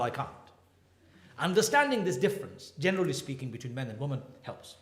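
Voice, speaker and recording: A man in his fifties lectures with a lively, swooping voice that sits a little high for a man. He tells jokes and stories with animated energy. The sound rings around an echoey hall. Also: fairly quick. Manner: animated, joking storyteller. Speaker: imam and marriage counselor. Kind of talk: humorous lecture.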